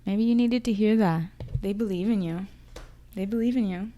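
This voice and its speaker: Mellow-voiced young woman giving a tarot reading. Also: mid-range voice, normal speed. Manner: intuitive, emotional, chatty, thinking aloud. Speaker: tarot reader.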